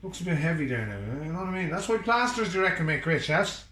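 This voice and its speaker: A man's voice: on the high side, sing-song, quick pace, bright, forceful tone, reverberant. An Irishman chatting and joking while he cooks at home, bantering with someone off camera. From Ireland. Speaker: vlogger cooking at home. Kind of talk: casual chat while cooking. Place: home kitchen.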